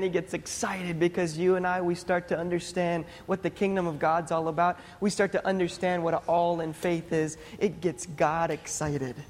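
A young adult man, a pastor, preaching a sermon in a conversational, animated storytelling manner. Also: high voice. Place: church sanctuary. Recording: long hall reverb, faint music.

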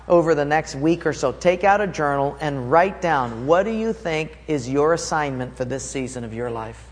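A pastor preaching a sermon, telling a story from his own life and acting it out with energy. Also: on the high side. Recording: long hall reverb.

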